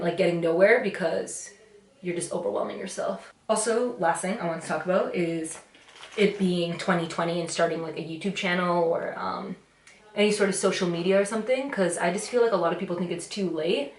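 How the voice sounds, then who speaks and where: A woman's voice: fairly low pitch, echoey room. A woman in her twenties chatting casually in a get-ready-with-me vlog, reflective and rambling, with lots of "like" and "you know". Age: 20s. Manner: rambling, filler-heavy and reflective. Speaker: YouTuber. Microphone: camera mic.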